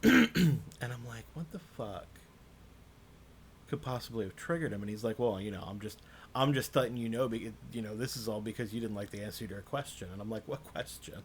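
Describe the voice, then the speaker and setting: A man co-hosting a podcast, telling a story in a casual, profane, animated way and mimicking the people in it. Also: fairly low pitch, fast, a little hiss or hum. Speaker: podcast co-host. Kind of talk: casual chat.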